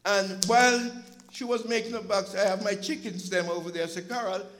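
A male preacher giving an impassioned sermon, telling stories from his church's food pantry and at times rising to a shout. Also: high-pitched, a little fast, low-quality recording. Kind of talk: sermon with storytelling.

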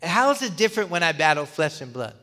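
A male pastor giving a sermon in a conversational, animated way, telling a story with many asides. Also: fairly high pitch, fast, in a large hall, faint music behind.

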